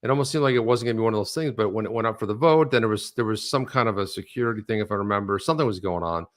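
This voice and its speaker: A middle-aged man co-hosting a casual chat, telling stories in a rambling, animated way with lots of restarts. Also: lowish voice, racing. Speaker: co-host.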